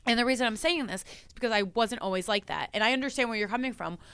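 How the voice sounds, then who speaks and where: A young woman talking casually as a podcast guest, earnest and animated, laughing often. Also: fairly high pitch, fast, clean tone, dry recording. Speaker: podcast guest, psychic medium. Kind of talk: casual chat.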